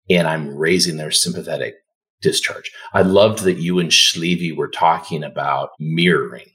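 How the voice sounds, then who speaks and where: Guy, super deep voice, calm and soothing, chatting on a podcast as a guest. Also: unhurried. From Canada. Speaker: dentist guest. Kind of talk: casual podcast conversation.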